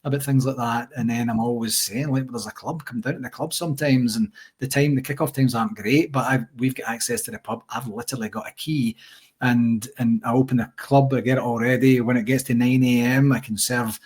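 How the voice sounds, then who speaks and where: A middle-aged man with a Scottish accent talks through his stories in a lively, chatty way. His voice is slightly husky, pitched at an ordinary middle height. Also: a little fast. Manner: chatty storyteller, animated anecdotes. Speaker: interview guest, supporters' association president. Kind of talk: casual conversational interview.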